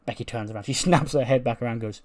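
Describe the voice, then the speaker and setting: A man's voice: medium pitch, racing, darkish tone. A man casually commenting on a wrestling management game, acting out the dialogue between characters and laughing often. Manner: acts out dialogue in put-on voices, laughs often. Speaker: gameplay commentator.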